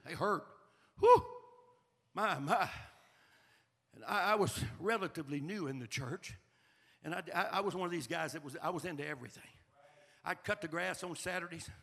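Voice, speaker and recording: A middle-aged man, preaching a sermon in a folksy storytelling way that rises into shouted fervor. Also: on the high side, moderate pace, creaky, pauses often, breathy edge. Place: church sanctuary. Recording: long reverb of a large hall.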